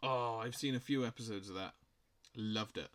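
A man's voice: mid-range voice, normal speed, a bit bright. A man co-hosting a podcast in casual chat, throwing in dry, teasing quips. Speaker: podcast co-host and editor.

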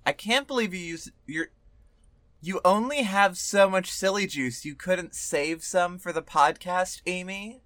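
Bright-voiced co-host, playful mock outrage, teasing podcast banter. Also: medium pitch, unhurried, no echo.

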